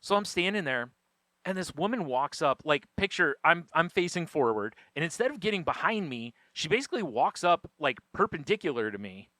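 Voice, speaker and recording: A man co-hosting a podcast, telling a funny everyday story in a casual, animated way and laughing often as he goes. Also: a little high, a little fast, no echo, clean studio sound. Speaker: podcast co-host.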